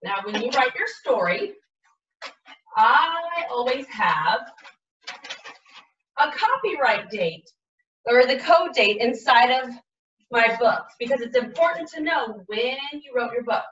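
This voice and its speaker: Lady teacher sounding out letters real slow for little kids, kinda high voice, far off, echoey, muffled. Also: expressive, fairly bright tone, a little hiss or hum. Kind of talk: early-grade writing lesson, modeling aloud.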